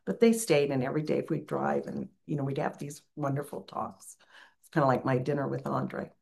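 An older woman, a spiritual teacher, reads a passage slowly and muses on it aloud in a reflective talk. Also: extremely low pitch, fairly even intonation, vocal fry. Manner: slow, musing reading with asides and soft laughs.

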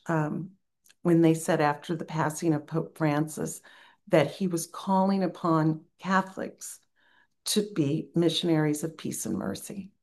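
Older woman, spiritual teacher, low-set voice, slow musing delivery. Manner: slow, musing reading with asides and soft laughs. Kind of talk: reflective spiritual talk.

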